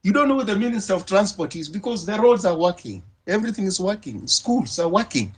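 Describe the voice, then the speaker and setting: A man speaks as a panelist in a heated debate. His voice sits high and carries a husky edge. He presses his case forcefully and circles back to the same rhetorical questions again and again. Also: sing-song, a little fast. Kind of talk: impassioned debate argument.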